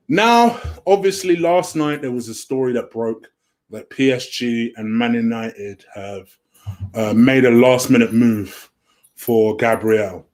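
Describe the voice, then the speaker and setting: A man's voice: medium pitch, darkish tone. A man hosting a home-made football transfer rumour show, chatty and easily sidetracked, with a lot of "um". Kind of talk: casual solo commentary. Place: home room.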